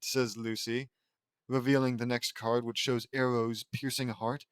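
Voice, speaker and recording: A man's voice: medium pitch, flat delivery, moderate pace, clean tone, no echo. Chatty man reading a fan audiobook. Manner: chatty reading with offhand asides and laughs. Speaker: narrator.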